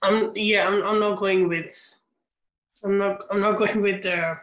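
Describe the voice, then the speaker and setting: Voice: medium pitch, fairly even intonation, a little slow, a bit bright, echoey room. A podcast co-host chatting casually, hesitant with restarts and dry remarks. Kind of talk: casual chat.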